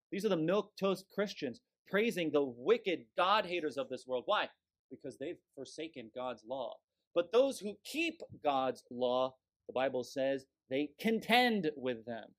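A man's voice: fairly high pitch, sing-song, unhurried. Fiery, scornful male preacher. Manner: forceful, scornful, emphatic preaching. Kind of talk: fiery sermon.

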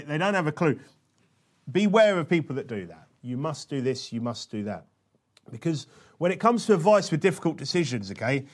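A male preacher giving a sermon in a conversational way, often checking in with questions like "okay?" and slowing down to stress scripture. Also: on the high side. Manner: conversational, with frequent tag questions; slows and stresses quoted scripture.

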